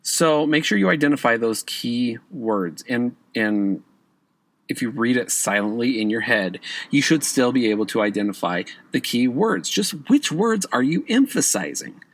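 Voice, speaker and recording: Very animated and fairly bright in tone, this man speaks at a moderate pace with a medium pitch in a dry recording. His casual instructional podcast covers exam preparation in a conversational way, with frequent "okay?" check-ins and emphatic rises on important words.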